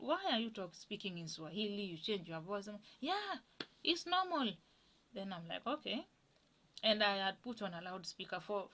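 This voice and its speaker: A woman telling a personal story in a casual, chatty way, acting out other people's lines in a higher voice. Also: fairly bright tone. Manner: acts out others' lines in a raised pitch.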